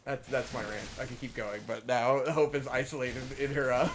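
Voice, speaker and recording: A young man co-hosting a let's play, giving casual gameplay commentary in a profane, ranting way that swings from mumbling to shouting. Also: mid-range voice, fairly even intonation, normal speed, background noise.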